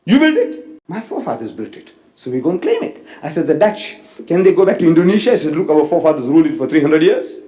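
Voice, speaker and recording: A man giving a religious lecture, retelling a debate with lively storytelling and acted-out dialogue. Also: fairly high pitch, quick pace. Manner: storytelling, animated, mimics dialogue. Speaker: Islamic preacher. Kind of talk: recorded lecture with retold debate. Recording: echoey hall recording.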